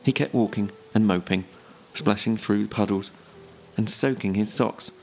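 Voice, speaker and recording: Gravelly-voiced male story narrator. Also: lowish voice. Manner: measured, expressive storytelling.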